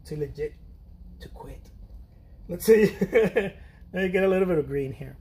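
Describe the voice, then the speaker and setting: The voice of this middle-aged painter is high yet dark in tone, with a breathy edge, animated delivery, and normal speed. While painting on his art-chat stream he chats and rambles, teases himself, laughs often, and keeps trailing off and restarting.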